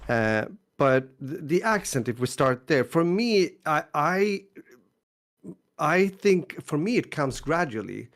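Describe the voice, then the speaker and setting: A man's voice: on the high side, very animated, takes it slowly. A man from northern Sweden with a Swedish accent, a podcast co-host chatting in a reflective, hesitant way. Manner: reflective, hesitant, short affirmations. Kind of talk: casual chat.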